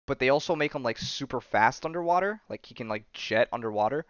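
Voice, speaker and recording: A man's voice: mid-range voice, expressive, fast, clean tone, no echo, lo-fi sound. A man hosting a podcast, recapping comics in casual chat full of fillers and restarts. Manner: rambling, many fillers and restarts. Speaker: podcast host.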